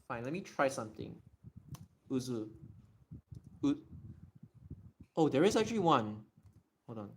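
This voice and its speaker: A man hosting a casual livestream, thinking aloud and sounding out words slowly, poking fun at his own attempts. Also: medium pitch, sing-song, slight background noise. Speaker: livestream host.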